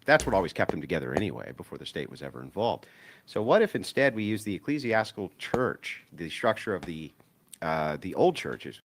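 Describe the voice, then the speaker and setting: A man arguing his case in a debate, laying out points in a measured, methodical way. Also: low voice, very animated. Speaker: debate guest. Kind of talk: debate argument.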